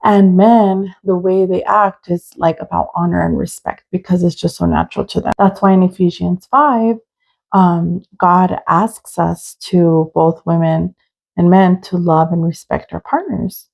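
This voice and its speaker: Young woman host, gravelly warm voice, earnest solo podcast talk, loose with fillers. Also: on the low side, fairly even intonation, unhurried, rough recording. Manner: earnest, open, with many "like" fillers. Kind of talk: personal podcast monologue.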